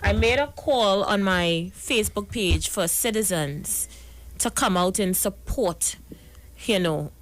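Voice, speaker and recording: A middle-aged woman hosting a live radio talk show from Trinidad and Tobago, asking sympathetic, measured questions. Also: medium pitch, animated.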